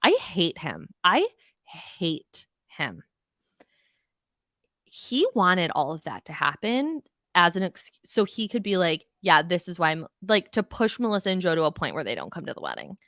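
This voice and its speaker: A woman's voice: fairly low pitch, big pitch swings, a little fast, hardly any pauses, a bit bright, dry recording, studio quality. A woman hosting a podcast, ranting bluntly and profanely in a casual recap of reality TV. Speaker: podcast host.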